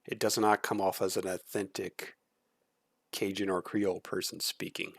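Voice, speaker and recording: A man's voice: low-pitched, flat delivery, moderate pace, creaky, a bit bright, dry recording, studio quality. A man streaming casual reaction commentary, blunt and critical, swearing freely.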